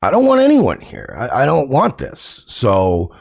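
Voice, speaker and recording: Gravelly New York-accented man. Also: medium pitch, wildly swooping pitch, measured pace. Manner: hesitant, defensive, many fillers. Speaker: streamer in a played clip. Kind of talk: casual monologue to viewers.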